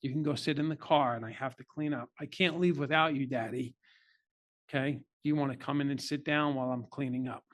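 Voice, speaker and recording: A man's voice: medium pitch, fairly even intonation, brisk, a bit bright. Earnest man telling a personal story. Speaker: podcast guest. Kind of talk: candid storytelling interview.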